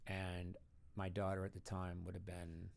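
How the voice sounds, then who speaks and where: Deep, darkish, and completely flat, this sixty-something man's voice moves at a measured pace with vocal fry. As a podcast guest in a casual interview, he tells stories and occasionally mimics the voices of family and others.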